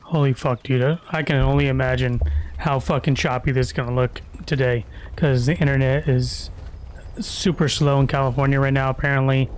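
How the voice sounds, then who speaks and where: A man's voice: mid-range voice, fairly even intonation, normal speed, clean tone. A man giving casual, crude and profane commentary while streaming a video game. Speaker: gaming streamer.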